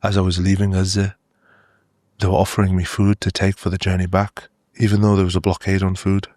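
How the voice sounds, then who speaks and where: Earnest doctor, flat low voice. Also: male voice, no echo, studio quality. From Australia and the UK. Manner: earnest, halting, many restarts and "you know" fillers. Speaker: doctor guest. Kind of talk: interview storytelling.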